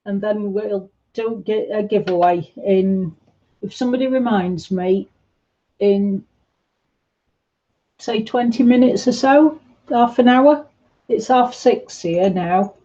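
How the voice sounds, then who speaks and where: A woman chatting gently on a livestream, answering viewers' comments in a reassuring way. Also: mid-range voice, dull audio. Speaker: livestream host. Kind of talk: casual livestream chat reading comments.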